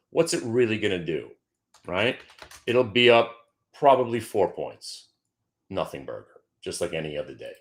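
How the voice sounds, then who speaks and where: This middle-aged stock show host has a lowish voice and riffs on the markets in a joking, casual way. He throws in fake-dramatic outbursts and trips over himself repeating words.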